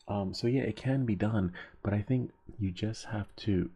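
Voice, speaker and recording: Low gravelly-voiced man, rambling chat. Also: moderate pace, dark tone. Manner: loose, chatty, swears casually, laughs at himself. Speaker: DIY tech channel host.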